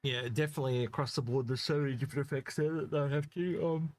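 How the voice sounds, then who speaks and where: A man's voice: medium pitch, steady tone. Male co-host, casual chat, stop-start delivery with plenty of fillers. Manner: halting, many restarts and fillers. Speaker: co-host reading chat questions.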